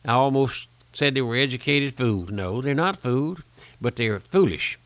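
A man's voice: medium pitch, animated, a little slow, a bit bright, no echo. An older man, a pastor, delivering a radio sermon in a folksy, repetitive preaching manner with emphatic lists.

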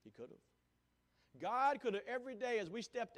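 A man preaching a sermon, folksy and repetitive, rising to loud calls and dropping to near-whispers. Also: sits high, sing-song, moderate pace. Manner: folksy, repeats lines for emphasis. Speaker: pastor.

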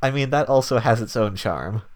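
A man co-hosting a podcast, making playful quick jokes and short agreeing replies in casual chat. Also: medium pitch, lively intonation. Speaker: podcast co-host. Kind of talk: casual chat about tabletop game characters.

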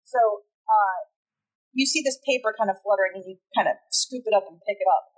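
A woman serves as game master for a tabletop role-playing game, speaking briskly in a mid-range voice on a rough recording. She narrates scenes loosely and casually, with fillers and restarts. She also explains the rules along the way.

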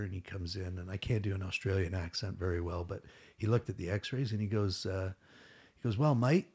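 Middle-aged guy, husky and gravelly, rambles through a story, swears casually. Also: sits low, a little mellow. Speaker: guest. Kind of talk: casual storytelling in a podcast interview.

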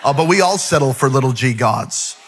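A pastor preaching a sermon to a congregation in church, rhythmic and repetitive, building up to impassioned shouts. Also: male voice, medium pitch, expressive, brisk, slight background noise. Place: church stage before a congregation.

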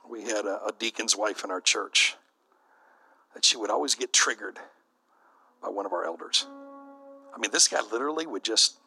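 A man's voice: fairly low pitch, vocal fry, pushed and bright, low-quality recording. A middle-aged man, a bishop, preaching to church leaders in a conversational, storytelling way.

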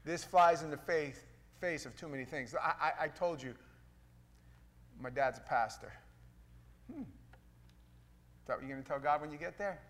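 Folksy, gravelly man preaching a sermon. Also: on the high side, a little slow, pauses often. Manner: folksy, playful, swings from loud to hushed. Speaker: pastor.

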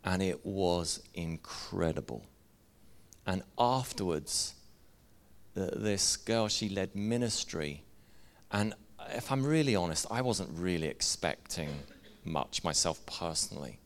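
A man's voice: sits low, expressive, takes it slowly. A middle-aged man, preaching a sermon in an earnest, conversational way and sharing personal stories. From Northern Ireland. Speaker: pastor.

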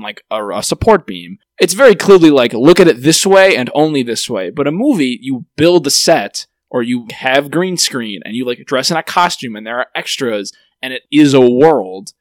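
A man's voice: mid-range voice, no room sound. Joking male podcast host, dry sound. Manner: rambling, joking, laughs often. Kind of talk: casual chat.

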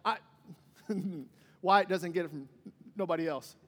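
Pastor guy preaching, really high voice, lively, acts out bits of the story, long church echo. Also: slow. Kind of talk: sermon. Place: church sanctuary.

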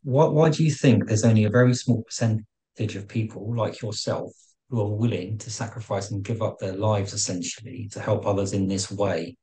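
A man's voice: lowish voice, moderate pace, warm tone, low-quality recording. A male podcast host who eagerly cuts in with questions. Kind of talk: podcast interview.

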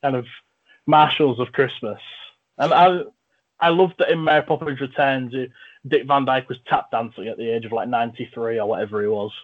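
Brief: male podcast host, jokey and enthusiastic, mid-pitched voice, slightly muffled remote audio. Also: brisk. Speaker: podcast host and film reviewer. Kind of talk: casual chat.

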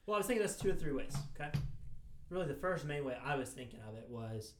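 A man's voice: fairly high pitch, lively intonation, quick pace. A young man hosting a podcast, chatting casually in a joking, teasing way. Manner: joking, teasing, lots of fillers. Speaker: podcast host. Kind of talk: casual chat. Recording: echoey room.

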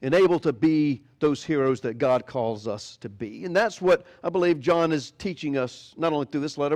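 A man's voice: mid-range voice, darkish tone. A man preaching a sermon as pastor, animatedly retelling a fairy tale. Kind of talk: sermon storytelling.

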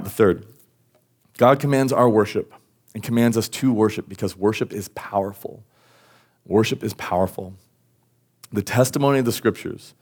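A man's voice: on the low side, a little mellow. A man giving a sermon at a church service as pastor, talking in a casual way with many restarts and asides. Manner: conversational, with frequent restarts and asides.

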